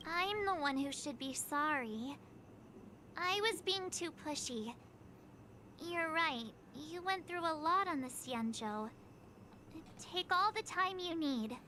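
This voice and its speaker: Super high chirpy girl in a game, lively, talks slow and careful like reading to a kid. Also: heavily acted. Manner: slow, over-enunciated line reading. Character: upbeat young woman companion, chatty. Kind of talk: game character dialogue. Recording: game audio with faint background noise.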